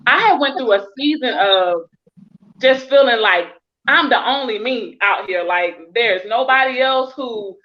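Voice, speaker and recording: A woman in casual, heartfelt conversation, telling stories in an effusive, animated way. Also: fairly high pitch, measured pace. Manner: effusive, animated storytelling with laughter. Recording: muffled lo-fi audio.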